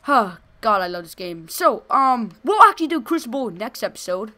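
Excitable young woman gaming commentator. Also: a little high, moderate pace. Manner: excitable, gushing, shouts during fights. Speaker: gaming video host.

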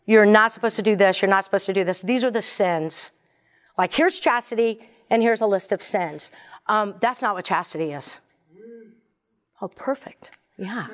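A woman speaking earnestly and conversationally to a parish audience, with many fillers and restarts. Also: mid-range voice. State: briefly choked up. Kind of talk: casual faith talk to a parish audience.

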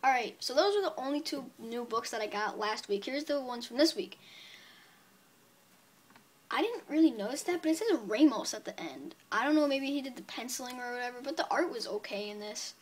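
A woman's voice: fairly high pitch, lively intonation, brisk. A woman casually reviewing her comic book purchases on video, chatty and upbeat, rambling with many fillers.

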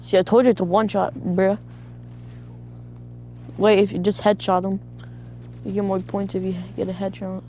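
A woman's voice: medium pitch, little pitch movement, moderate pace, long pauses, a little hiss or hum. A woman gamer in casual chat while playing co-op zombies, bossing her teammate around with profane trash talk. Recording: dull lo-fi audio with faint music.

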